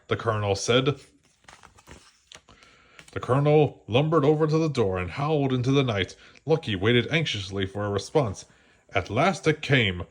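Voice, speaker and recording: A man reads a bedtime picture book aloud to children at a medium pitch. He keeps his narration gentle and slows down at the suspenseful moments. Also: expressive. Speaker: storybook reader.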